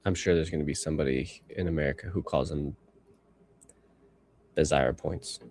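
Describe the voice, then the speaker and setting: A man's voice: extremely low pitch, fast talker, darkish tone, slight background noise. A man in his thirties streaming live as he edits photos, rambling and talking to himself while he works. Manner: rambling self-talk, musing aloud. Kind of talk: casual livestream commentary while working.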